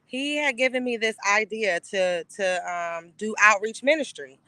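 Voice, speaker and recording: A woman's voice: medium pitch, measured pace, bright, forceful tone, dry recording. A woman on a group call sharing a candid, earnest testimony with lots of fillers. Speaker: call participant. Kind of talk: casual testimony.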